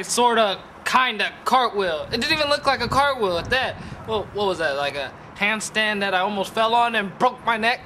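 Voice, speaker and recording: A young man from with a high, bright voice. He performs a comedy sketch, questioning himself in mock disbelief. A faint hiss sits behind him. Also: expressive, moderate pace, few pauses. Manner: incredulous, repeatedly asking how.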